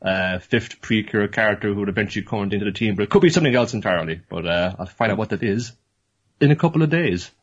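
A man's voice: fairly low pitch, animated, fast, husky. A man co-hosting a casual podcast, rambling and joking, with the odd swear. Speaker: podcast co-host. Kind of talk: casual chat. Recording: dull lo-fi sound.

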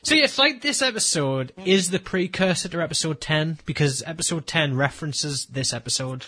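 A man co-hosting a casual podcast, chatting in an animated, teasing way. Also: fairly high pitch, fairly quick, husky, no echo.

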